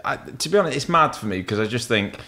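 A man's voice: mid-range voice, expressive, fast talker, vocal fry, pushed and bright. A man, a tattoo artist who is a podcast guest, chatting casually and candidly, swearing freely as he rambles. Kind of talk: casual chat.

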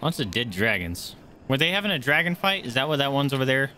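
A young man giving live commentary as he plays a game, reacting loudly and swearing often, yelping when startled. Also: medium pitch, sing-song, fast talker, a little hiss or hum. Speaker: streamer playing a game.

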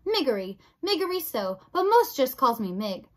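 A woman reading aloud voices a rough-spoken, hard-of-hearing twelve-year-old servant girl who shouts and mangles her grammar. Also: high voice, big pitch swings, moderate pace. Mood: loud earnest. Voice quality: rustic, shouting, dropped grammar.

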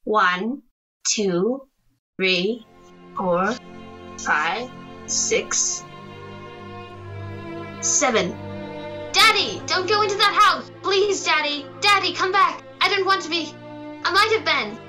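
A woman's voice: mid-range voice, very animated, extremely slow, long pauses, over music. A woman voicing a playful, affectionate teenage daughter in a radio drama, teasing and bubbly. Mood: frightened. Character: playful, adoring teenage daughter putting her hair up.

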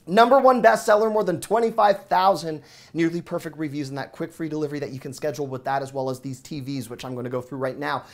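Excited fast-talking man rattling off deals. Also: on the high side. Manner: excited, rapid auctioneer-like patter. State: sweating. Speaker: deals show host. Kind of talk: fast product deal rundown.

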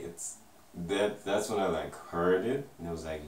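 A young man in his twenties from South Africa with an American-sounding accent, telling a rambling story to camera in a relaxed vlog style full of "like". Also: low-pitched, brisk, recorded from a distance, a little hiss or hum. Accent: American-sounding English. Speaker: vlogger. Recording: roomy and a bit off-mic.

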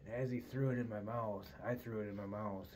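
Low voiced middle aged guy rambling a story, says dude every other word, lots of cussing. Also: steady tone, fairly quick, darkish tone, slight background noise, poor audio. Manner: profane, says "dude" constantly. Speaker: podcast host.

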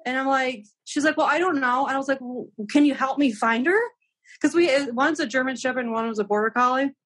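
A young woman with a highish voice talks quickly as a guest in a casual chat, telling a travel story. She's animated, acts out the quoted dialogue, and says "like" a lot.

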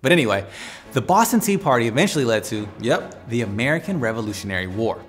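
A man's voice: medium pitch, very animated, quick pace. A man hosting an educational explainer video in a playful, conversational way. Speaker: host. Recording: faint music behind.

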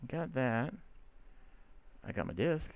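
Excitable young man with a lively voice. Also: medium pitch, takes it slowly, clean tone, no echo. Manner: excitable, swearing, talks to himself and the mobs. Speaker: let's player. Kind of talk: gameplay commentary.

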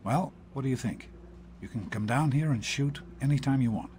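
An actor playing a gentle, protective father in a video game, speaking in a calm, earnest and reassuring way. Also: medium pitch, moderate pace, slight background noise, natural voice. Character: gentle protective middle-aged father, vault doctor. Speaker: father of the player character.

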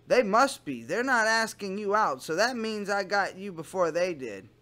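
A man playing a smarmy adult man sweet-talking online, with a slow, doting, syrupy delivery. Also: high-pitched, lively intonation, sharp tone.

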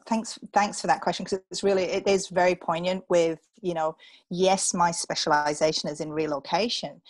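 A woman's voice: fairly low pitch, no room sound. A woman, a relocation coach, giving upbeat advice in a casual interview. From England. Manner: upbeat, animated, coaching asides.

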